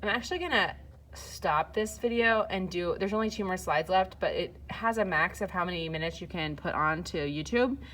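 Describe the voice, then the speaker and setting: Low-voiced woman teaching Spanish grammar. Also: normal speed, a bit bright. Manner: casual, explains step by step with fillers. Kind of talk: recorded lesson walkthrough.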